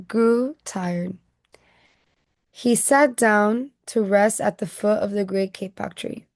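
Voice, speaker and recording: A woman teacher reading a picture book aloud to children, pausing to ask questions and check they follow along. Her voice is close and dry, with a mid pitch. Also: steady tone, no echo. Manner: gentle questioning, checking in with listeners.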